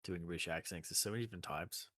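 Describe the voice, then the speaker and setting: Low-voiced male podcast co-host, playful, dry close recording. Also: racing, pushed and bright, no room sound. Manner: jokey, breaks into silly put-on accents. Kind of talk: casual chat.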